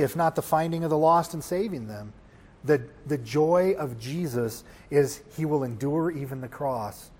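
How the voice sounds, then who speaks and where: A man preaching a sermon, swinging from hushed lines to loud ones and putting rhetorical questions to the congregation. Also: medium pitch. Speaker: pastor.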